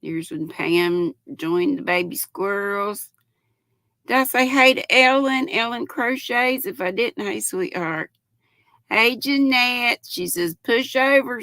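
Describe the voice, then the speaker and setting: Older woman, gravelly, slow, cracking voice, dry close sound. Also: mid-range voice, lively intonation, bright, forceful tone, no echo. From North Carolina. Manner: affectionate greetings, calls viewers honey and sweetheart. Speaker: livestream host. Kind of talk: casual livestream chat reading comments.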